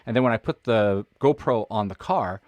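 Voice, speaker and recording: Man from Canada, low voice, dry close sound, rambling chatty podcast co-host. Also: moderate pace, darkish tone, no echo. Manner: rambling, jokey, lots of fillers and restarts. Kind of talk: casual live-stream chat.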